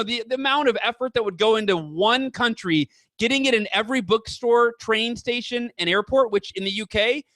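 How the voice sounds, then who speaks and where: A man in his thirties, a guest author chatting casually in an interview, telling stories with lively quoted voices. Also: high voice, dry recording. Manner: animated storyteller, acts out quoted voices.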